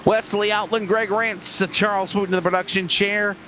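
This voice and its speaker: Excitable male sim racing announcer. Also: high-pitched, slight background noise. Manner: excitable play-by-play, quick reactions. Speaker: lead race commentator.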